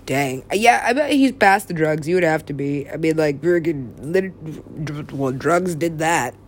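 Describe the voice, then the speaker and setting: A woman's voice: low voice, animated, a little slow, slight background noise. A young woman rambling to herself in a loose, profane way, now and then dropping into a whisper. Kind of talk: rambling solo talk.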